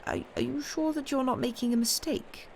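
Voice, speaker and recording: A woman's voice: sits high, animated, fast talker, darkish tone, voice pushed up. A woman reading aloud and voicing a formal male notary who asks questions in disbelief. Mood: incredulous. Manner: questioning, incredulous.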